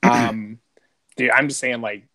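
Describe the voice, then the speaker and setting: A man's voice: medium pitch, steady tone, slow, bright, forceful tone. A man co-hosting a podcast in casual chat, rambling and profane, with lots of "dude" and "like". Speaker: podcast co-host.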